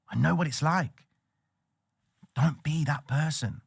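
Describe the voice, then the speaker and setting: A man giving casual, animated trading commentary on a livestream. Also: a little high, slow, gravelly, breathy edge. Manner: animated, slangy, excitable.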